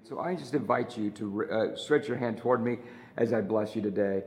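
A male pastor delivers an earnest sermon, repeating his phrases and piling up rhetorical questions. His voice has a gravelly edge in the low notes. The sound carries the roomy echo of a large church room. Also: normal speed, a little mellow.

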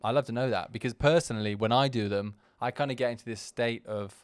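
A podcast host rambles through his own video, circling back with frequent restarts, asides, and lots of "you know." He's candid and self-deprecating, speaking quickly at medium pitch in a crisp, resonant voice recorded dry and close, with no room sound.

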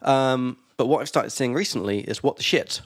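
A man's voice: medium pitch, moderate pace, dry recording, studio quality. A man co-hosting a casual podcast, chatting loosely, laughing often and trailing off mid-thought. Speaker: podcast co-host. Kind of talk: casual chat.

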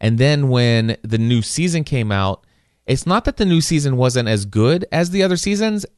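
A man's voice: medium pitch, expressive, moderate pace, darkish tone, no echo, clean studio sound. A man co-hosting a casual chat, rambling with frequent restarts and repeated words.

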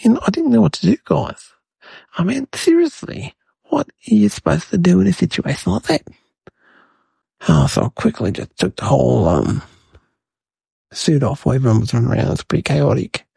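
Guy doing a cheeky little kid, rambles on at the guys watching, super raspy fry voice. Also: a little high, sing-song, moderate pace, long pauses, dark tone, dry recording, heavily acted. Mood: rambling. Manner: rambling, addresses viewers as guys. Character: mischievous chatty young boy. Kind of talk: comedic kid monologue.

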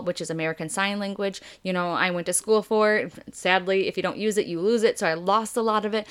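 Bubbly fast-talking woman host. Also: lowish voice, clean tone. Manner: bubbly, excitable, talks fast and loud. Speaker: podcast workshop host. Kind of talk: casual guided workshop talk.

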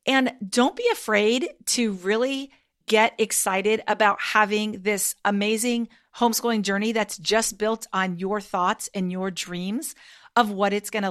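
A woman's voice: medium pitch, unhurried, a bit bright. A mother who homeschools, giving casual, upbeat and encouraging advice to other parents as a podcast host. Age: adult parent.

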